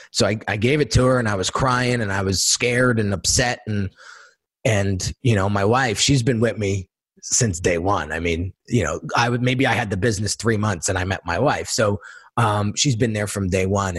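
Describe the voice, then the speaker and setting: A middle-aged man telling his life story in a casual interview, animated, acting out quotes and often repeating words. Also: medium pitch, husky, dry recording. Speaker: guest entrepreneur and designer.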